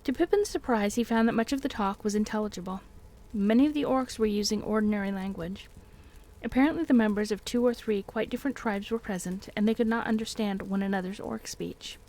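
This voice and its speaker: A woman reading a fantasy novel aloud on a live stream in a calm, steady storytelling voice. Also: mid-range voice, brisk. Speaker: reader and streamer.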